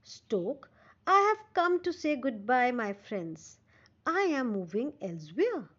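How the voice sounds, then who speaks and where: A woman's voice: on the high side, big pitch swings, slow, a bit bright, exaggerated voice. A cunning old stork, as a woman teacher puts him on. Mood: sly, mournful. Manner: sad, sly pleading. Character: cunning old male stork, thin and weak. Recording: dull lo-fi recording.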